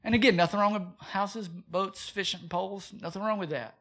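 A man preaching a sermon as pastor, animated and full of rhetorical questions. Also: sits high, moderate pace.

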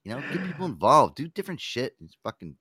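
Animated, profane male radio host. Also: medium pitch, fast, husky, no room sound, studio quality. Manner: animated, profane, breaks into mimicking voices. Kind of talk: casual talk radio banter.

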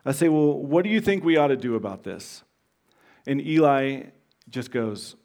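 A man's voice: mid-range voice, moderate pace, darkish tone. A man in his thirties from Texas preaching a sermon. He speaks informally, tells stories and uses many fillers and restarts. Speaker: visiting preacher.

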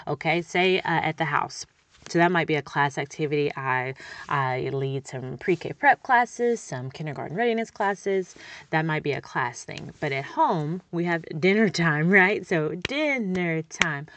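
A woman's voice: low-pitched, normal speed, a bit bright. A woman, a speech-language pathologist coaching parents in an upbeat, chatty way. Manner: upbeat, chatty, encouraging, checks in with "okay?".

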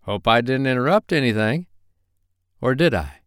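A man performs a playful older uncle with a fondness for matchmaking, using a put-on Irish accent and a teasing mood. His natural voice is pitched above his own and sits at medium pitch, animated and at normal speed. The recording is dry and studio quality.

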